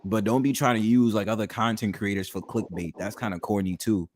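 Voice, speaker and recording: A man's voice: on the low side, fairly even intonation, fairly quick, slight background noise. A young man hosting a livestream, chatting casually in a laid-back, rambling way that trails off and repeats itself. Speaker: livestream host. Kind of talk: casual stream chat.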